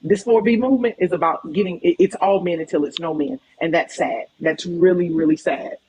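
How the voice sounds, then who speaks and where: A woman's voice: lowish voice, fairly quick, darkish tone, husky, low-quality recording. A woman making her points in an online debate, emphatic and lecturing, with a lot of repetition. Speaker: TikTok debater. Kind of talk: live social media debate.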